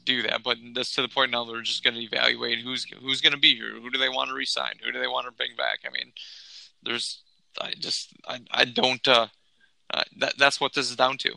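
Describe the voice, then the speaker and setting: Casual podcast co-host, male, gravelly and bright, dry close sound, frustrated ranting delivery. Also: level tone, a little fast, no echo, poor audio. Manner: exasperated, ranting, pitch climbing when worked up. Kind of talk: casual sports podcast chat.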